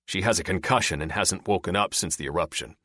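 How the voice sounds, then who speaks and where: A gruff, short-tempered soldier, as an audiobook narrator acts him. He speaks bluntly and curtly. Close, dry recording. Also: sits low, fast, bright, forceful tone, dry recording. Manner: blunt, curt, swearing. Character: gruff irritable male special-ops soldier.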